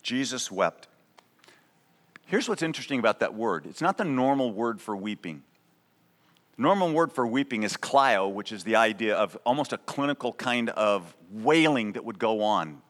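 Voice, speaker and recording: A man's voice: mid-range voice, lively intonation, normal speed, fairly bright tone. A man preaching a sermon as pastor, conversational and emphatic, often checking in with a "right?". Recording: long reverb of a large hall.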